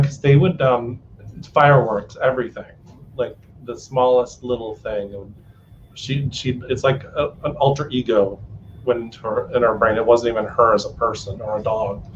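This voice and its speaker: A man with a mid-range voice hosting a relaxed chat, rambling through a story and laughing easily. His sentences trail off and restart. The recording sounds a little dull, with a faint hiss under it. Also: medium pitch, normal speed. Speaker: podcast host. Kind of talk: casual conversation.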